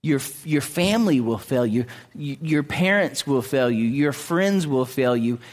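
A man preaching a sermon in an earnest way, often restarting his words and clearing his throat. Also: mid-range voice, expressive, unhurried. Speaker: pastor.

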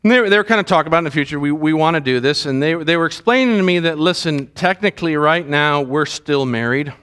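A man with a fairly high voice delivers a sermon as a pastor. He speaks in an earnest, conversational way and often turns to his listeners with asides. He sounds middle-aged. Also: fast talker, a bit bright, clear, resonant tone.

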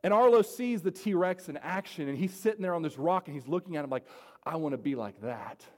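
A male pastor with a notably high voice delivers an earnest sermon, repeating key phrases and calling out to his congregation. His words ring out in a church sanctuary with a long, trailing reverb. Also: quick pace. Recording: long reverb of a large hall.

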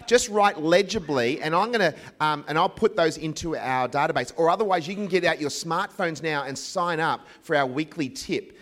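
A man's voice: fairly high pitch, moderate pace, few pauses, fairly bright tone. Jokey Australian man giving a talk. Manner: jokey, self-deprecating storyteller. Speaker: ministry CEO and speaker. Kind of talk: live public talk with anecdotes.

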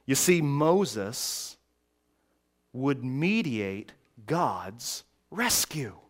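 A man preaching a sermon, slow and emphatic, with dramatic pauses. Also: mid-range voice, sing-song. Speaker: pastor.

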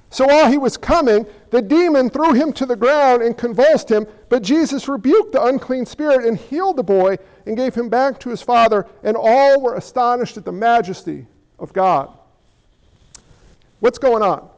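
A man's voice: very high voice, expressive, normal speed, darkish tone, lo-fi sound. A man preaching a sermon as pastor, talking conversationally and playfully while questioning his congregation.

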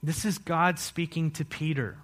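Man preaching a sermon, fairly high voice, animated, asks the congregation questions. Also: unhurried. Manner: animated storytelling with rhetorical questions. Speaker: pastor.

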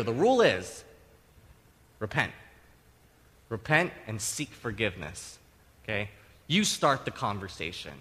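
A middle-aged man preaching a sermon, conversational and animated, tossing in tag questions and acting out quotes with sudden loud bursts. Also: medium pitch, slightly rough, in a large hall. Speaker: pastor.

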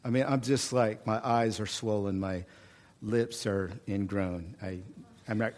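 Folksy Oklahoma pastor preaching. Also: male voice, fairly low pitch, measured pace, slight background noise. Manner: folksy, animated preaching with humor and repetition. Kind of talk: sermon.

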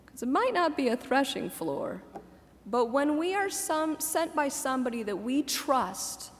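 A woman's voice: sits high, big pitch swings, a little slow, a little hiss or hum. A woman in her forties giving a conversational sermon, laughing at her own asides. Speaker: preacher. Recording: echoey hall reverb.

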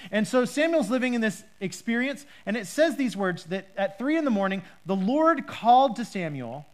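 A woman preacher teaching a Bible passage in a lively, chatty way, with frequent restarts and rhetorical questions. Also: on the high side, moderate pace.

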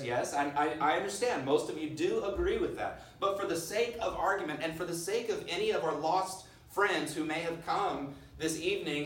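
A man in his thirties preaching a sermon as pastor, earnest, dropping to a hush on key phrases. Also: fairly high pitch. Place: church sanctuary. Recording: roomy sound from far off.

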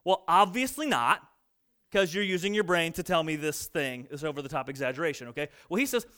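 A man preaching a sermon, reading scripture and acting out boastful people in lively asides. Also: a little high, a little fast, smooth. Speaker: pastor.

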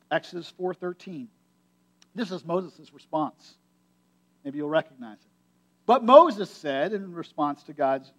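A man's voice: on the high side, expressive, measured pace, long pauses, a bit bright. A man, a pastor, delivering a sermon in a conversational but emphatic way, often repeating phrases for effect. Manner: conversational, emphatic preaching with repetition.

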